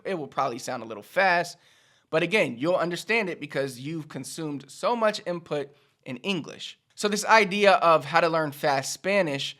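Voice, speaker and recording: A man's voice: fairly high pitch, pushed and bright. A man hosting a casual language lesson, chatty and repeating his points. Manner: chatty, repetitive, acts out quick casual speech. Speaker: language teacher, channel host. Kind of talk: casual video lesson to camera.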